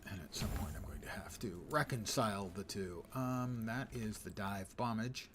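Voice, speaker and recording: A man's voice: fairly low pitch, moderate pace, a bit bright, slight background noise. A man giving casual gameplay commentary as a streamer, playful and rambling, often dropping into muttered, half-whispered asides. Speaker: game streamer.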